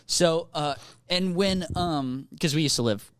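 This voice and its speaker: A man's voice: fairly high pitch, unhurried, clean tone. A young man from Minneapolis, co-hosting a comedy podcast, telling a long rambling story with swearing and acted-out dialogue. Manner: rambling, animated, swearing, acts out quoted people. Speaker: podcast co-host.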